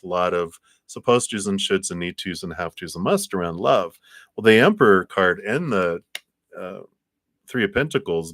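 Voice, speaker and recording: A man's voice: fairly bright tone, dry recording, clean studio sound. A man doing live tarot readings for viewers, chatty and full of fillers, acting out little imagined conversations. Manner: chatty, acts out little scenes in higher voices. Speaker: tarot reader.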